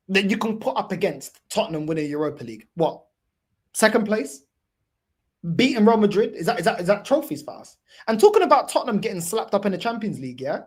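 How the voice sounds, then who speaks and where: Husky woman going off about football, swinging pitch all over, mocking and sweary. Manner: profane, mocking, repeats "bro". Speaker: football fan channel host. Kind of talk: heated fan reaction rant.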